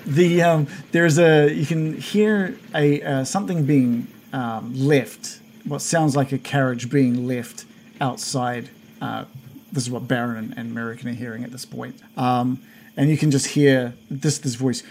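A man running a tabletop game as game master, narrating in a halting way with many fillers and restarts. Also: mid-range voice, steady tone, darkish tone, a little hiss or hum.

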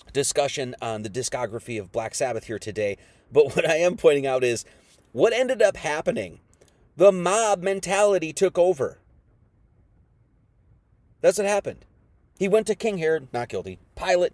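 A man's voice: a little high, a little mellow, dry recording. A man preaching an informal sermon, firing off rhetorical questions in a folksy, combative manner.

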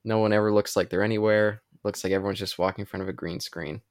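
A man's voice: fairly low pitch, steady tone, quick pace, dry recording, studio quality. A man co-hosting a casual movie commentary, eagerly explaining film trivia. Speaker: podcast co-host.

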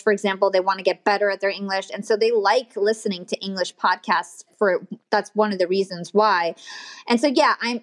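A woman from the United States, hosting a podcast industry news show and explaining things in a steady, informative way with casual fillers. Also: medium pitch.

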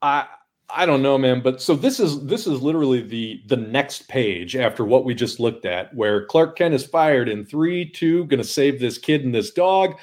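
A man co-hosting a podcast, chatting casually and enthusiastically about comic art, breaking into excited exclamations. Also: medium pitch, normal speed. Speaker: podcast co-host.

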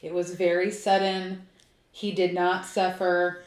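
A woman's voice: on the low side, level tone, slow pace, echoey room. A woman co-hosting a casual podcast, chatty and laughing easily, with lots of fillers. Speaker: podcast co-host. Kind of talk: casual chat.

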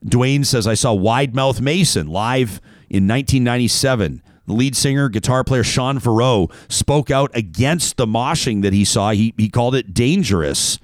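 A man's voice: mid-range voice, moderate pace, no room sound, studio quality. A man hosting a talk radio show, chatting casually, reading listener messages and sponsor spots, often restarting his sentences. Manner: conversational, frequent restarts and filler words. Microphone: studio microphone.

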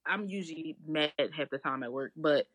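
A young woman with a Baltimore accent, co-hosting a casual chat, talking in an animated, blunt and profane way. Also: sits low, normal speed, no room sound, clean studio sound. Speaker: podcast co-host.

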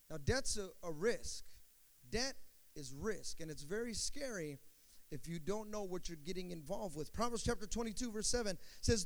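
A man's voice: high-pitched, expressive. A middle-aged man preaching a sermon as pastor, calling for amens and stretching out words for emphasis. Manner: call-and-response preaching, drawn-out emphatic words.

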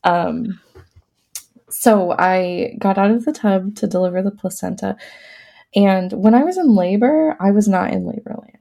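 A woman's voice: medium pitch, unhurried, gravelly, mellow. A woman guest on a podcast, telling a personal story casually, with many fillers and frequent laughs. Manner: laughs often while talking.

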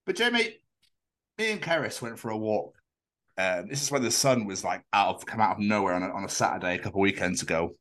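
A man's voice: lowish voice, quick pace. Scottish man telling stories on a podcast. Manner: animated storyteller, swears freely. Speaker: podcast co-host. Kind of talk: casual chat.

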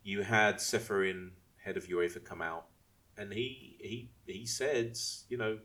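A man's voice: lowish voice, steady tone, unhurried, a bit bright. A man co-hosting a casual football podcast, rambling, restarting his questions and explaining things at length. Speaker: podcast co-host.

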